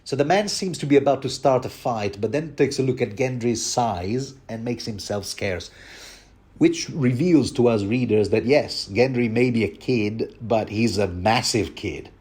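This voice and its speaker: A man's voice: mid-range voice, unhurried, a little mellow, breathy edge. A man hosting a rambling book commentary, talking digressively and addressing his listeners directly.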